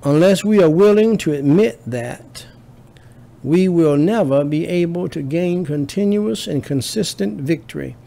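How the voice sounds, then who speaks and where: A man's voice: medium pitch, vocal fry, darkish tone, a little hiss or hum. A man preaching a sermon as pastor, building emphasis through repetition.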